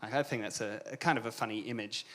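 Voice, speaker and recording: A man's voice: on the low side, quick pace, a bit bright. A man on a discussion panel who talks in an easygoing, thoughtful way with wry asides.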